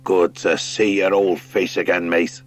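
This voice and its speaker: A man voicing a hearty, gruff otter captain in a storybook reading. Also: low-pitched, little pitch movement, unhurried. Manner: hearty, says mate.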